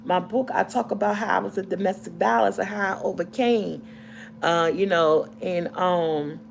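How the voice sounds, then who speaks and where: A woman's voice: on the low side, steady tone, normal speed, vocal fry, slight background noise. A middle-aged woman vlogger telling a personal story to camera in a casual, heartfelt, rambling way, often restarting and repeating herself.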